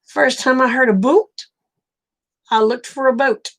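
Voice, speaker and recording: Her voice sits high, with fairly even intonation and a slightly slow delivery. She's a livestream host from Oklahoma, USA, with an Oklahoma accent, chatting casually with viewers, telling folksy stories, and frequently laughing.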